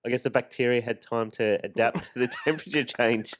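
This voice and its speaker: A man's voice: medium pitch, brisk, no echo. A man co-hosting a podcast, telling anecdotes in a loose, laughing, chatty way in a makeshift home studio. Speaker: podcast co-host. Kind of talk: casual storytelling chat.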